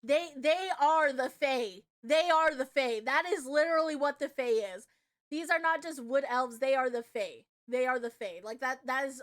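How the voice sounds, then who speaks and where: A young woman streaming live, reacting excitably with swearing and loud outbursts. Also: high voice, normal speed.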